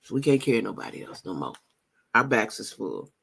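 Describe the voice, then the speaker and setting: A woman's voice: extremely low pitch, big pitch swings, fairly quick, creaky, fairly bright tone, breathy edge. A middle-aged woman talking straight to viewers in a casual vlog. She is emphatic and repeats phrases for emphasis. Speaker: vlogger.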